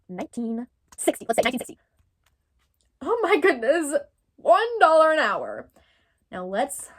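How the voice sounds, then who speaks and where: A young woman from Texas giving casual commentary, thinking aloud and rambling with lots of filler words. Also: high voice. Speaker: commentary creator.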